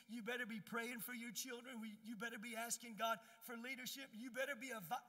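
A man's voice: very high-pitched, sharp tone. An older man preaching a sermon in a church, emphatic and folksy as he tells stories. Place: church sanctuary. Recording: long church reverb.

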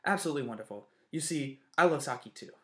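A man voicing a tiny, gentle Japanese man in his seventies who talks in an easy, chatty way. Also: mid-range voice, expressive, fast talker, natural voice. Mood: kindly.

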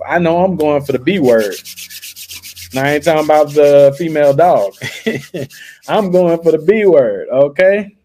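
A man's voice: fairly high pitch, a little mellow. A man hosting a live screen-share tutorial, hyping his method with slangy patter and talking straight to his viewers. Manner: hyped, slangy salesman patter; talks straight to viewers, often says "guys". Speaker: livestream host.

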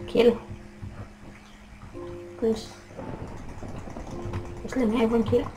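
A young woman commentating her own gameplay, frustrated and trash-talking, with excitable outbursts. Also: on the high side, very slow, faint music behind, rough recording. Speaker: gaming commentator.

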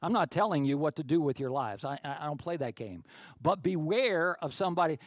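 A man's voice: on the high side, expressive, brisk, no room sound. A man preaching a sermon as pastor, talking in a conversational way with many restarts and climbing to emphatic peaks.

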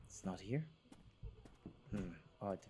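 A hoarse young man commentating a horror game, jittery and repeating himself as he plays. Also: sits low, lively intonation, background noise. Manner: jittery, talks to himself, repeats words rapidly. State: hoarse, sore throat. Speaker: gaming channel host.

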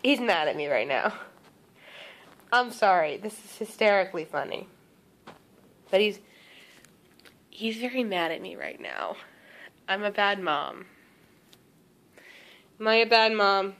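A woman's voice: mid-range voice, animated, unhurried, long pauses, fairly bright tone. A young woman filming a casual home video, chatting and coaxing her dog along. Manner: chatty, coaxing pet talk.

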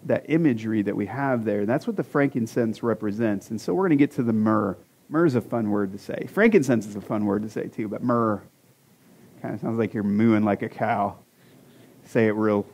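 A man's voice: on the low side, brisk, a little mellow, slightly rough. A man in his forties preaching a conversational sermon as a pastor, with self-deprecating jokes and rhetorical questions to the congregation. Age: 40s. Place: church sanctuary.

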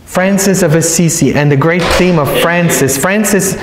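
A priest giving a retreat sermon, telling stories and repeating phrases for emphasis. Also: male voice, high voice, normal speed, background noise. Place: large church. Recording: echoey church hall.

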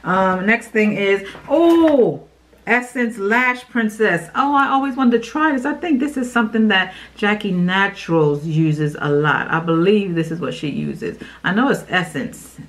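A woman, a beauty YouTuber, chatting excitedly to her viewers while unboxing products in a casual vlog. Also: medium pitch, moderate pace, hardly any pauses. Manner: bubbly and excitable, talks to viewers as "y'all".

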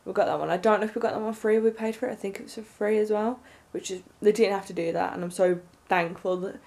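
A young woman vlogging, telling a story in an excited, rambling way with lots of fillers. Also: medium pitch, fast. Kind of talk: casual storytelling to camera.

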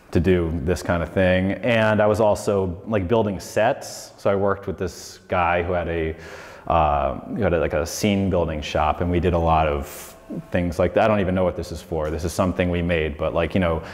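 A man's voice: low-pitched, darkish tone. A man in his forties telling his story in a casual, rambling lecture, with lots of "like" and "you know". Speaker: designer giving a lecture. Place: lecture hall. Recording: long hall reverb.

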